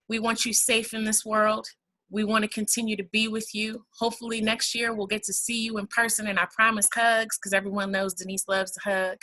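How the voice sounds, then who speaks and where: Hosting a housing nonprofit's virtual fundraiser on a video call, a woman with a bright, forceful, medium-pitched voice speaks from the heart in a casual way. She calls the audience y'all, and the audio is poor.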